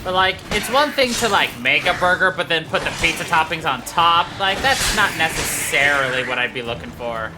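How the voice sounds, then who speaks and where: Streamer, casual and rambling, mid-pitch, game music under. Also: expressive, moderate pace, hardly any pauses. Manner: loose, rambling, swears freely. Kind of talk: casual gameplay commentary.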